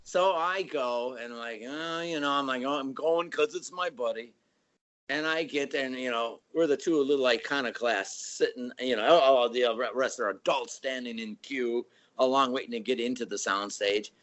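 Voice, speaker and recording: A man's voice: medium pitch, moderate pace. A man in his sixties from the Chicago area, a band member guest telling stories and acting out voices. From Chicago area, USA. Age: 60s. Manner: animated, acts out voices in stories. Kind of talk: casual storytelling.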